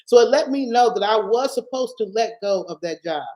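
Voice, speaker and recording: A woman with a fairly high voice tells a personal faith testimony in a casual, expressive way. She laughs often and calls her listeners y'all. The room gives her voice a noticeable echo. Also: fairly quick. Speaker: Christian speaker sharing a testimony. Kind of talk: animated personal storytelling. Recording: echoey room.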